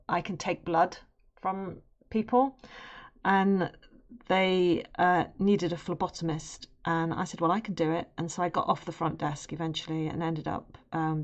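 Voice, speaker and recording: Streamer: young woman, lowish voice, chatty, animated storyteller who laughs easily. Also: dull audio. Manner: animated, laughs while telling. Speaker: art streamer. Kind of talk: casual storytelling on a live stream.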